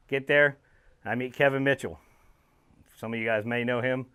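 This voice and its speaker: A man in his thirties, a father of two and former pro ball player, gives a motivational talk to young players, telling his story with lively emphasis and calling them guys. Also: fairly low pitch. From Southern California. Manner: animated storytelling, addresses listeners as guys.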